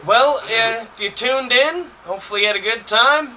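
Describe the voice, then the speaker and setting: A man streaming who reads a choose-your-own-adventure book aloud in a lively, playful way. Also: very high voice, moderate pace. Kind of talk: storybook reading on a stream. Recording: distant mic with faint noise.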